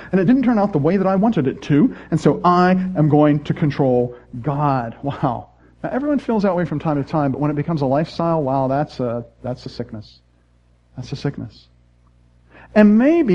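A man's voice: high-pitched, warm tone, highs cut off. A man preaching a sermon, speaking earnestly and putting rhetorical questions to his congregation. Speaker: pastor.

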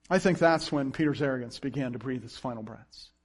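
A pastor preaching a sermon, acting out the people he quotes and laughing now and then. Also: medium pitch. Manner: animated preaching with acted-out quotes and chuckles.

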